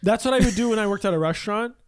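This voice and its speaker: High-pitched, giggly, teasing man. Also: clean tone, no room sound. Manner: giggly, teasing, quick to laugh. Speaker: podcast co-host. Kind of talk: casual comedic chat.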